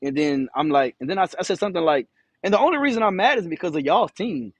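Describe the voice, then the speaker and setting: A man's voice: high voice, animated, quick pace, slightly rough, no echo. Profane, rambling trucker man. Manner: rambling, profane, repeats himself, stutters. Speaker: truck driver vlogger. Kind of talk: casual storytelling to camera. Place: in his truck.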